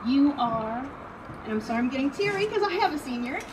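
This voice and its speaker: A woman's voice: high voice, sing-song, fairly quick, over a noisy crowd. A middle-aged woman giving a heartfelt tribute speech at a ceremony, quoting students' words back to them. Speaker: band parent speaking at a senior tribute. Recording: distant voice with loud outdoor ambience.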